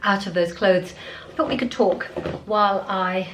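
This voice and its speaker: A woman's voice: mid-range voice, normal speed, slight background noise, poor audio. A woman chatting to camera as a beauty vlogger, rambling on while she gets ready at home. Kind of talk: casual chat to camera. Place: at home, indoors.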